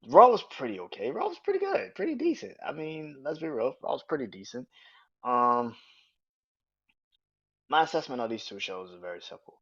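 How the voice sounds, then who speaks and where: A man hosting his own podcast, giving a casual, animated review that is full of swearing, with bursts of acted-out quotes. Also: fairly low pitch, slightly rough, dry recording, muffled recording. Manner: animated, swears freely, acts out quotes in raised voices. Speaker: podcast host. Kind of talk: casual solo wrestling review.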